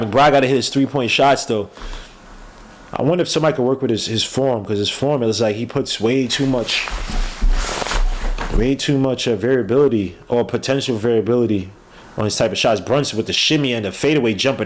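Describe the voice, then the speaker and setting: Man, podcast host, live game commentary, excitable, tired, keyboard clicks, faint hiss. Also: mid-range voice, normal speed. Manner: excitable, yells at plays, trails off mid-word. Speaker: podcast host doing a game watch-along. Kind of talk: casual live play-by-play commentary.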